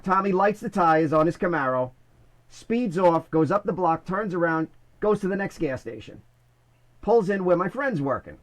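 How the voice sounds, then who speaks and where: A middle-aged man from the Bronx, a former corrections officer telling stories in an animated, casual way. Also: high-pitched, normal speed, poor audio. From Bronx, New York. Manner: animated, many restarts, "I says". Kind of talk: casual storytelling.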